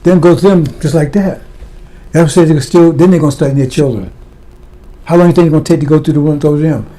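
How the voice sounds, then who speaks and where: A man preaching with blunt, impassioned force, firing question after question at his listeners. His voice sits a little high for a man, yet its tone stays dark and mellow. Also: quick pace. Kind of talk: fiery sermon.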